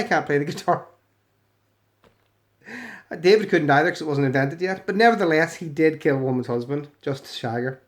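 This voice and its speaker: A man's voice: on the high side, animated, a little fast. A British man runs sarcastic commentary over comments he reads aloud. He mocks each quote with put-on voices and cuts in with swearing and dry jabs. The tone stays scornful and conversational throughout. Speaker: video commentator.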